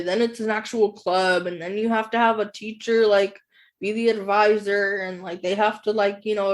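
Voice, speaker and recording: A woman co-hosting a casual book-club podcast, who rambles as she retells and fills her speech with "like". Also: mid-range voice. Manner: rambling, full of "like" fillers while retelling. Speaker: podcast co-host.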